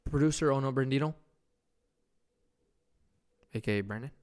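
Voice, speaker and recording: A man's voice: mid-range voice, normal speed, darkish tone, smooth. A young man hosting a podcast, telling a loose, profane, rambling anecdote in casual chat. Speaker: podcast host.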